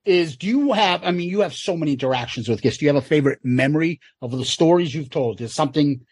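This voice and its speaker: A man's voice: on the high side, animated, quick pace, slightly rough, no room sound, studio quality. A man co-hosting a podcast, asking casual, curious questions in a friendly way. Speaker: podcast co-host.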